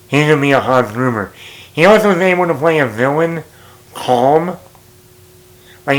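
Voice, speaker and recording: A man's voice: medium pitch, fairly bright tone, rough recording. A man talking casually about movies, rambling and correcting himself as he goes, with an occasional chuckle. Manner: rambling, self-correcting, chuckles at own jokes. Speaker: movie vlogger.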